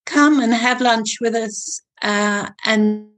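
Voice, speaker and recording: Slow, hesitant woman guest. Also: fairly high pitch, fairly bright tone. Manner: hesitant, searching for words. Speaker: podcast guest. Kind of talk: interview storytelling.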